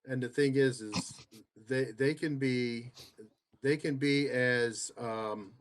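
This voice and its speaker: A man's voice: medium pitch, steady tone, slow pace. A man co-hosting a podcast in a studio, chatting casually and making emphatic, jokey remarks. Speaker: podcast co-host. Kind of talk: casual political chat.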